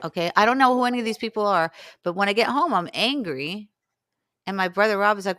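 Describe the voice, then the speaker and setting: A woman's voice: mid-range voice, fast talker, no room sound. A woman in her sixties, a guest in an interview, telling a long story and acting out what people said to her. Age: 60s. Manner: animated, acts out quoted dialogue. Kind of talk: storytelling in conversation.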